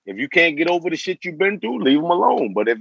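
A man's voice: on the high side, big pitch swings, fast talker, vocal fry, a bit bright, highs cut off, slight background noise. A man in his forties telling his story as an interview guest, in profane street slang, often repeating himself. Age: 40s.

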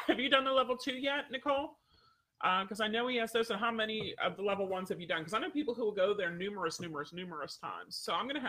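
A man's voice: high voice, fairly bright tone. A man who trains dogs, chatting casually with viewers on a livestream, rambling and breaking off his own sentences. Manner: rambling, self-interrupting, many fillers. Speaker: dog trainer hosting a livestream.

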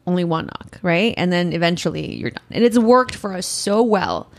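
A woman in her thirties in casual chat, an animated storyteller who acts out quotes. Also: fairly low pitch, moderate pace. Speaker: podcast co-host.

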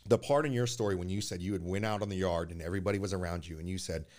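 A man with a deep, low-pitched voice shares his own life story as a guest in a conversation. He is candid and earnest, often stopping and restarting his sentences. He drops to a soft voice through the hardest parts. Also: rapid-fire. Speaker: podcast guest.

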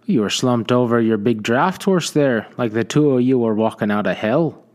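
A man's voice: mid-range voice, expressive, normal speed, a little mellow, close to an everyday voice. A man voicing a jovial, mustached frontier trader with a hearty, folksy way of talking. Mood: friendly. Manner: hearty, folksy drawl, chuckling. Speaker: trading post owner.

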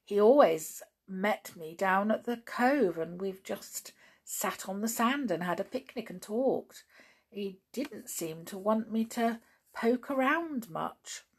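A fussy, genteel motherly aunt from a children's adventure storybook, as a woman reads her aloud. She frets in a slow, gently gravelly voice. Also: mid-range voice, expressive, voice pushed up, exaggerated voice.

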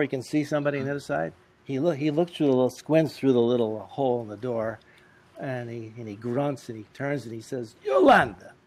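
A man telling lively, comic anecdotes as an interview guest. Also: mid-range voice. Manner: lively, animated, comic timing. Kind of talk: anecdotal storytelling.

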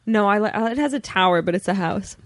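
A woman's voice: mid-range voice, fast, slight background noise. A woman guest on a podcast in casual chat, playful and rambling, giggling often.

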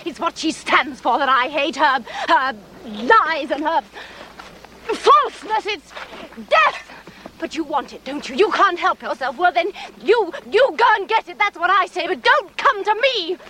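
High bright woman in a period film, furious and jealous, slow scornful shouting at her lover. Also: lively intonation, slight background noise, heavily acted, low-quality recording. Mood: bitter. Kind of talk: period film drama acting.

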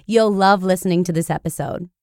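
A woman podcast host reading a blog post aloud in an expressive, animated storytelling manner. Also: fairly low pitch, brisk, no room sound, studio quality.

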